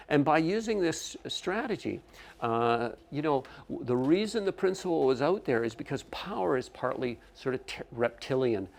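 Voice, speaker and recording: Gravelly and mid-range, this man's voice carries a workshop lecture for teachers he trains. He explains things, checks in often with "okay?", and keeps restarting and correcting himself as he goes.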